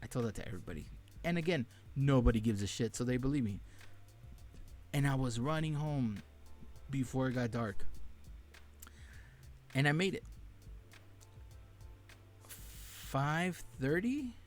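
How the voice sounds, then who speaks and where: A man's voice: mid-range voice, lively intonation, a little slow, long pauses, soft background music. A young man hosting a podcast, telling candid, profane stories from his childhood in a casual monologue. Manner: candid and profane, laughing at painful memories. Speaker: podcast host.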